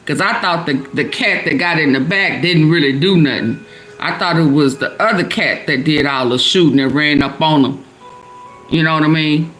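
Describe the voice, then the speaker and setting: A woman's voice: deep voice, normal speed, a bit bright, soft background music. A middle-aged woman, hosting a live stream and chatting with her viewers as she reads their comments aloud. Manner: chatty, answers chat comments aloud, laughs often. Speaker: livestream host.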